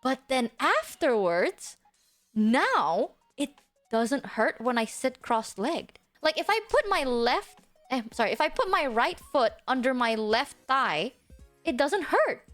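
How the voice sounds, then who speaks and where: High, lively young woman streamer. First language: not English. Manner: animated, swearing, dramatic retelling. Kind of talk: casual storytelling chat.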